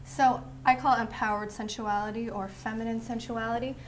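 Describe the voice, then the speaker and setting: A woman guest who teaches sensuality, answering calmly and often affirming with "absolutely". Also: fairly high pitch, a little fast, a little hiss or hum. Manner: calm, affirming, repeats "absolutely". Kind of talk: interview answers.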